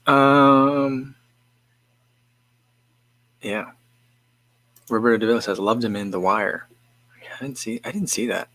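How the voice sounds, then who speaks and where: A man's voice: mid-range voice, slow pace, long pauses, pushed and bright. A man hosting a livestream in a casual chat, reading out viewer comments and musing in a rambling way with frequent restarts. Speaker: livestream host.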